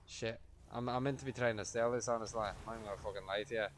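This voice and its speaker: A young man streaming a game, swearing constantly and breaking into shouted rants. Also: fairly low pitch, steady tone, racing, a little hiss or hum. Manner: foul-mouthed, ranting, erupts into shouting. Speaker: gaming streamer. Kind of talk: casual gameplay commentary.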